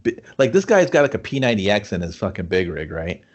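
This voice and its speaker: A man co-hosting a casual movie review chat, swearing a lot and acting out scenes in gruff put-on voices. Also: fairly low pitch, fast talker, lo-fi sound. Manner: profane, animated, acts out scenes in gruff voices. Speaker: podcast co-host.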